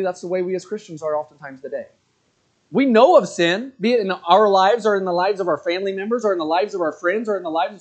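A man preaching a sermon to his church congregation, with animated delivery that rises into indignant outbursts. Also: high-pitched. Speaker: pastor. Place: church sanctuary.

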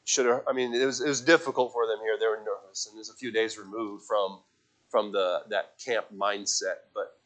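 A man preaching as a youth pastor, earnest and halting, often restarting and repeating words before building to emphatic appeals. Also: fairly low pitch, fairly bright tone. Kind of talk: sermon.

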